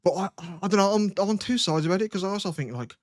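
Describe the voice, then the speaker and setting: A man's voice: sits high, lively intonation, rapid-fire, no room sound, studio quality. A young man hosting a podcast, telling crude rambling stories in casual chat. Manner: rambling storytelling, swears a lot. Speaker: podcast host.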